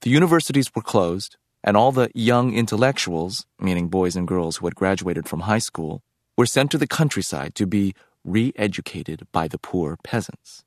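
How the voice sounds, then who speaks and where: A man reading a novel aloud as narrator in a measured, reflective way. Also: low-pitched, no echo, clean studio sound. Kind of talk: scripted audiobook narration.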